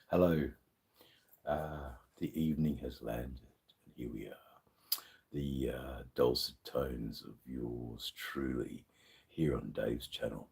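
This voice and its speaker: Deep husky Australian man, tipsy and rambling. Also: steady tone, takes it slowly, long pauses, a little mellow. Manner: rambling, swearing, answering chat comments. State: a bit tipsy. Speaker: livestream host. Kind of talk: casual live-stream chat with viewers.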